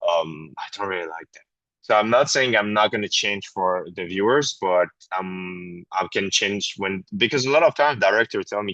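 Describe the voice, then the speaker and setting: A very low-pitched man with a French accent talks candidly in a relaxed podcast chat, often hunting for his English words. The audio is a little dull and lo-fi, with a dry, close sound and no room echo. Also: normal speed. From France. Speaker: guest actor. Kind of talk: casual podcast conversation.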